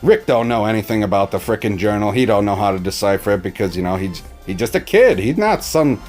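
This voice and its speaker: A man's voice: fairly low pitch, lively intonation, fairly quick, darkish tone, faint music behind. A man recapping a TV episode in a casual, profane, exasperated way. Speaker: TV reaction reviewer.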